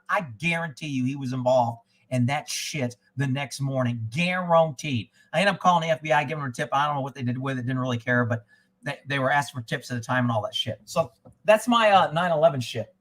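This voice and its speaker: A man hosting a live chat stream, spinning long, digressive anecdotes in a blunt, profane way. His voice sits high and bright with a sharp edge. He speaks casually, as if chatting to regulars. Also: fairly quick, low-quality recording. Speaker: former child abduction investigator. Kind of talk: casual rambling storytelling.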